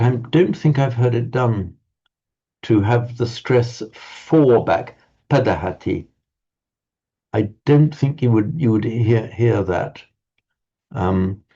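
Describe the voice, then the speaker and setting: Teaching Pali, this man pauses, restarts often, and speaks in a considered way, his medium-pitched voice carrying a dark tone. The audio is dull and low fidelity.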